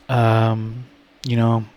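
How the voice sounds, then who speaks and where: A man vlogger telling a story to his viewers, blunt and profane, talking slowly and rambling. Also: lowish voice, dry recording. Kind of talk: casual story time to camera.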